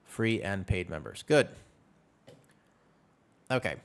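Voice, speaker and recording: A young man streaming a video game, joking and chatting with his viewers in a casual, animated way. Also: deep voice, takes it slowly, clear, resonant tone. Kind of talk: casual gaming stream chat.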